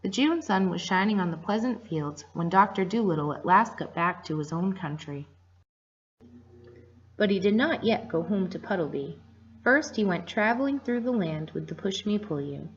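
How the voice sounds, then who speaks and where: A woman reading a children's story aloud to listeners in a gentle storytelling manner, in a dull lo-fi recording. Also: medium pitch, animated, moderate pace, slight background noise.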